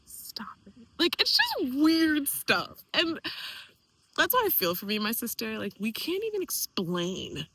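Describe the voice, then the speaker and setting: A young woman speaking candidly in a personal vlog, emotional and animated, quoting others in lively voices. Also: sits high, a little slow, breathy edge, low-quality recording. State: tearful at times. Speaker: vlogger.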